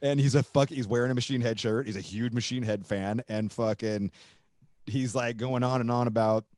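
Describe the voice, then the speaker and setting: A man's voice: medium pitch, steady tone, normal speed, darkish tone, dry recording, studio quality. A man hosting a podcast, telling a story in a casual, rambling way with lots of swearing, fillers and restarts. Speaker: podcast host.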